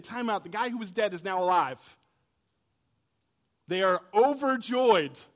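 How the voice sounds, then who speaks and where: Man, pastor, high-pitched voice, sermon, conversational, swings from loud to hushed. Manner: dramatic shifts between loud and soft.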